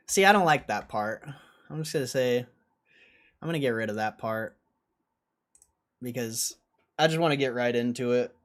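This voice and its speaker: A man's voice: medium pitch, lively intonation, normal speed, pauses often. A young man streaming and chatting casually with himself, joking around and laughing often as he rehearses. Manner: joking, rambling self-talk with frequent laughs. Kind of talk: casual livestream chat.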